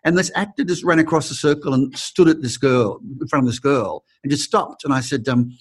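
A middle-aged man with an Australian accent talks as an acting teacher in an interview. He tells his stories in a lively, expressive way, stumbling and restarting now and then. His voice sits at a middle pitch. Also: a little fast, breathy edge. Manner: expressive, acts out quoted people, frequent restarts. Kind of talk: interview answers, storytelling.

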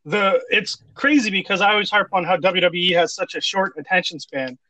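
A man co-hosting a casual wrestling chat, excitable and swearing casually. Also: high voice, brisk, dry recording, poor audio. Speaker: podcast co-host.

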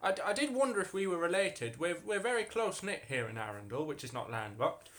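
Brief: man voicing a northern village blacksmith, gruff, rambling. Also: a little high, very animated, fairly quick, a bit bright. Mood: grumbling. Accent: northern English.

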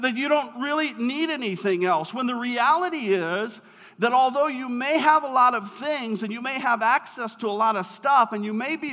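A man's voice: very high-pitched, pushed and bright. A male pastor preaching a sermon in a conversational, storytelling way with light humor, recorded in a church hall. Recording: long reverb of a large hall.

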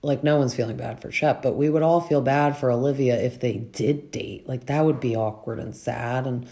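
A woman's voice: very deep voice, steady tone, moderate pace, mellow. A young woman hosting a casual recap show, chatting with lots of fillers and acting out what the cast said. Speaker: podcast host recapping reality TV.

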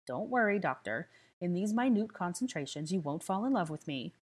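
A woman's voice: fairly low pitch, sing-song, normal speed. A woman reading aloud and voicing a flamboyant young man who mixes cocktails, playful and theatrical. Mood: playful showman.

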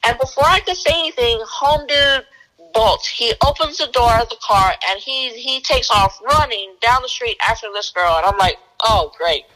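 A woman's voice: on the high side, poor audio. A woman working as a fugitive recovery agent, telling a story casually and animatedly and acting out the dialogue. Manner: animated, acts out dialogue in quick bursts.

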